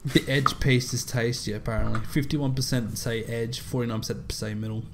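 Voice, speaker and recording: Podcast co-host, man, mid-pitched, relaxed, quick to laugh. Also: a little hiss or hum. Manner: laughs easily, reads out poll questions. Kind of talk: casual chat.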